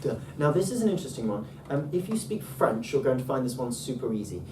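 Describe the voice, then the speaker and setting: A man's voice: mid-range voice, big pitch swings, fast talker. A man teaching the sounds of an ancient alphabet in a patient, hesitant way, with many ums and restarts. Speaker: Ancient Greek tutor. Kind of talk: relaxed one-to-one teaching. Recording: roomy, far from mic, faint noise.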